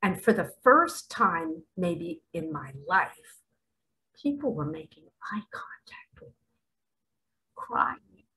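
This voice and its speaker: A middle-aged woman delivering spiritual commentary with real fervor. Her bright voice swoops widely as she leans hard on her points and lingers over her words, now and then sinking to a whisper. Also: lowish voice, sing-song, slow pace, low-quality recording. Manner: emphatic and dramatic, at times dropping to a whisper. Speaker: spiritual vlogger.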